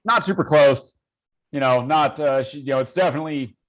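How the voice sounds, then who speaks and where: A man acting as game master, narrating a tabletop game in a slow, filler-heavy way, often pausing with "uh". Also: fairly high pitch, low-quality recording.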